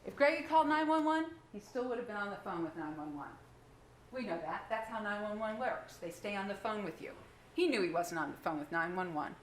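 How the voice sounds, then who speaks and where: A woman's voice: medium pitch, animated, brisk. A woman prosecutor giving a closing argument to a jury, emphatic and full of rhetorical questions. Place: courtroom. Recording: echoey courtroom, faint background noise.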